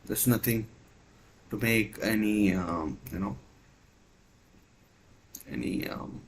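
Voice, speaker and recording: Slow, hesitant man hosting a watchalong. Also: fairly low pitch, husky, poor audio. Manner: hesitant, filler-heavy, many uh and and. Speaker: watchalong host. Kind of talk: live match commentary watchalong.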